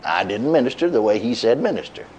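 A man's voice: fast, dull audio, a little hiss or hum. A middle-aged man preaching a sermon, telling a story in a folksy way with chuckles and repeated words. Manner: lively pitch, dropping low at line ends.

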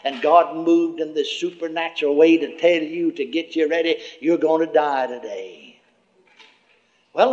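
Folksy high-voiced preacher. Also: male voice. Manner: folksy storytelling, chuckling asides, many "you see". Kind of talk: sermon testimony. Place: church gathering before a congregation. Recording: muffled lo-fi recording.

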